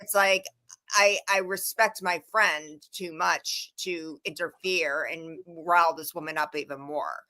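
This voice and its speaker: A woman co-hosting a casual chat, animated and rambling, often restarting her sentences. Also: lowish voice, a little slow, no room sound. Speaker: co-host.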